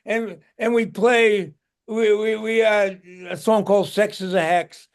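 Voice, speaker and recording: A man's voice: high voice, fairly even intonation, moderate pace. An older man, a guest musician, tells stories in a casual interview, rambling and restarting his words.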